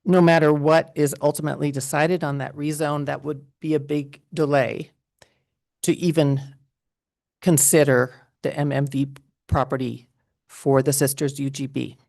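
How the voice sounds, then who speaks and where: A woman with a very low, gravelly voice addresses commissioners at a public meeting. She speaks in a measured, formal and precise way. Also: little pitch movement, a little mellow. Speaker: public commenter. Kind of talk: prepared public comment.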